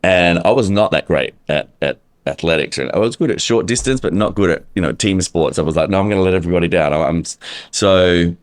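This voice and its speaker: A man's voice: sits low, normal speed, dry recording. An Australian man, a guest actor, telling stories in a chatty, self-deprecating way with many ums. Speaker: guest, musical theatre actor. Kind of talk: casual interview chat.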